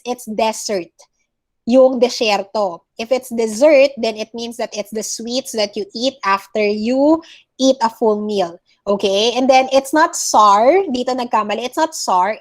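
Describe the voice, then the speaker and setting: A woman with a Filipino accent teaching an online class, going through words one by one and correcting how they are pronounced, switching now and then into Tagalog. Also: a little high. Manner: corrects word by word, mixes English with Tagalog. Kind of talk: online class pronunciation feedback.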